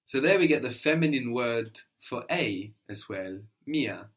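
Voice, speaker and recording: A man's voice: medium pitch, lively intonation, a little slow, fairly bright tone. A man teaching a one-on-one language lesson, explaining patiently step by step and prompting his student to answer.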